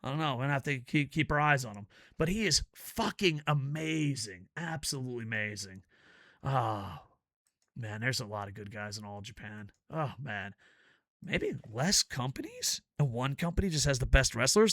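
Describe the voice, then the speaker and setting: A man hosting a casual video review, ranting loudly and profanely in bursts of excitement. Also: medium pitch, normal speed, dry recording, clean studio sound. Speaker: wrestling reviewer and show host.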